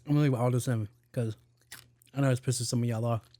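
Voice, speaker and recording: A man hosts his own solo podcast, speaking fast in a mellow, medium-pitched voice with a steady tone. He rambles casually, swears freely, and trips over tongue twisters.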